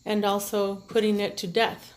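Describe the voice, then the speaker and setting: A woman with children, speaking to her viewers in an emotional, halting personal monologue as a tarot reader, tearful at times. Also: mid-range voice, little pitch movement. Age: adult with children. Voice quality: earnest, halting, with many restarts and fillers. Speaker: tarot reader and self-care vlogger.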